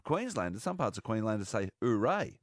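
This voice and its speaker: A man's voice: on the low side, sing-song, normal speed, no echo. A male comedian guest on a radio show, joking dryly in casual banter. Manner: dry and joking.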